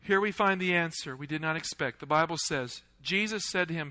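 Guy preaching a sermon, high bright voice, gets loud then goes real quiet. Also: quick pace, few pauses, low-quality recording. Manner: dramatic, swings between loud and hushed; asks the audience questions.

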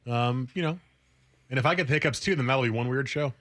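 A man's voice: medium pitch, quick pace, a bit bright, no echo. A man co-hosting a casual sports radio show, with laid-back, teasing banter. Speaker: podcast co-host.

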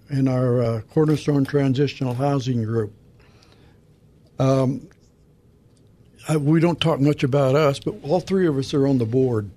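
A man co-hosting a Christian radio show, reading scripture verses and talking through them in a halting, casual way. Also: medium pitch, a little mellow. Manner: halting, reads scripture aloud and dedicates it. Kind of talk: Bible study radio talk.

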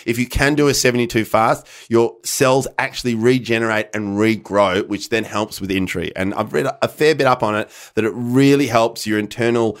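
A man's voice: mid-range voice, steady tone, fairly quick, few pauses. Thirties guy cohosting a podcast, rambly, keeps restarting his sentences. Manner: rambling, hesitant, many restarts. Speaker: podcast co-host. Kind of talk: casual banter.

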